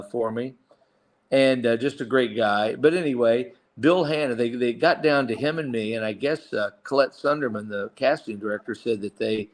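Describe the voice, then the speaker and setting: A middle-aged man, a voice actor guest, telling long casual anecdotes with many restarts and asides. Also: mid-range voice. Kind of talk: casual storytelling interview.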